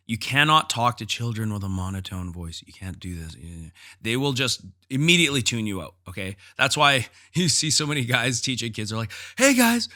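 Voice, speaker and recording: A man's voice: mid-range voice, sharp tone. A man hosting a solo podcast, talking casually and candidly about teaching, with frequent fillers and restarts. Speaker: podcast host and jiu-jitsu instructor.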